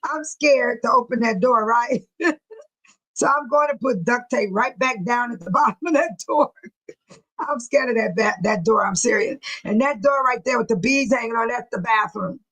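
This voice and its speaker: A middle-aged woman from California talks casually on a livestream from her home, and her voice sits notably high. She chats loosely and warmly with her viewers, calls them by name, and breaks into frequent laughs. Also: moderate pace, poor audio. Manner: chatty, laughs often, addresses viewers by name. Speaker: livestream host. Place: home room near a bathroom.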